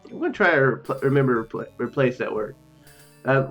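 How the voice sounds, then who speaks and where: Animated and fairly quick, a man with a mid-range, slightly bright voice plays a text adventure and reads its text aloud. Restarts, joking asides and easy laughter fill this casual let's play, heard through a dull, muffled recording with faint game music.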